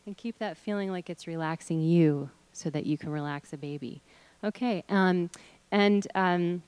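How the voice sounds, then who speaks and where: A woman's voice: lowish voice, normal speed, a little mellow, clean tone, no room sound. A middle-aged woman leading an audience through voice exercises, encouraging them and demonstrating with hums, chants and sung notes. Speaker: workshop leader.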